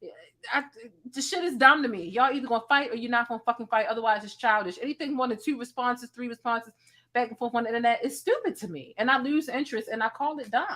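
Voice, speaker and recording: A woman's voice: a little high, fast, bright, forceful tone. A woman hosting a livestream, talking bluntly and feistily with plenty of cursing. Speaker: host. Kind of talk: casual livestream commentary.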